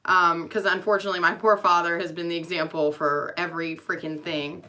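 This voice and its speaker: A woman's voice: on the low side, flat delivery, fairly quick, bright, forceful tone. A young adult woman, a nurse, speaking candidly and emotionally in a rambling personal vlog, with frequent fillers. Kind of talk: personal vlog to friends and family.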